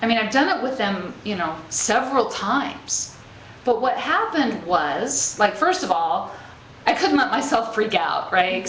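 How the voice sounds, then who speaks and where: Speaking at a measured pace in a mid-range, expressive and slightly bright voice, this woman delivers an uplifting spiritual talk to an audience in person. Her style is chatty, with frequent "okay?" and "right?" checks and easy laughter as she tells stories, recorded in an echoey space with a little background noise.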